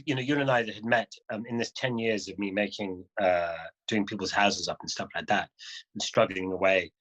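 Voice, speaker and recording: A man as an interview guest, telling a story in a casual, animated way, often restarting phrases and chuckling. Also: fairly low pitch, brisk, poor audio.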